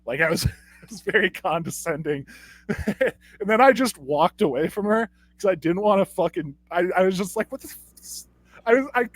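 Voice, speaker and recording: A young man tells a rambling, stammering story on a comedy podcast, acting out each customer in turn. His voice sits high for a man. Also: lively intonation, normal speed, no room sound. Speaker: podcast co-host.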